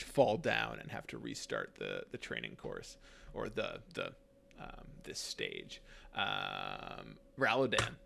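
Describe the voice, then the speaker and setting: A man runs a tabletop game, describing scenes and calling for rolls. His voice is mid-pitched with a gravelly edge, and he rambles through fillers and quick laughs. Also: fairly bright tone. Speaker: game master.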